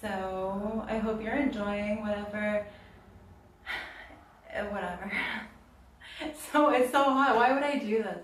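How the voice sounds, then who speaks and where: A woman's voice: medium pitch, fairly even intonation, slow, long pauses, a bit bright, slight background noise. A young woman from Florida chatting casually on her vlog, rambling, swearing offhandedly and laughing often. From Florida, United States. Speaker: vlogger. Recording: echoey room, mic at a distance.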